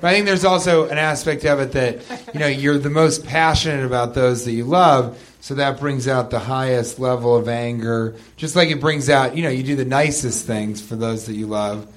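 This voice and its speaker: A man's voice: medium pitch, normal speed. A man chatting casually as a podcast co-host, joking and acting out silly bits. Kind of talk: casual comedic banter. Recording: loud background noise.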